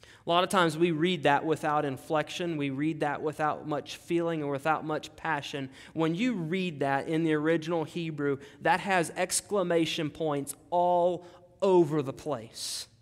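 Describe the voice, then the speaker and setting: A man's voice: fairly high pitch, steady tone, a little slow. A male pastor preaching a sermon, emphatic and dramatic, repeating key phrases. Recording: long hall reverb.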